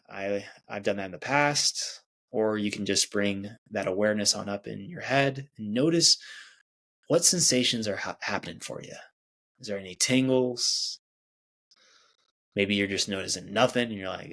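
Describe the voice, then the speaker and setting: A man's voice: lowish voice, normal speed, fairly bright tone. A man hosting his own show, leading a casual, chatty guided body scan meditation with sighs and small laughs. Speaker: podcast host.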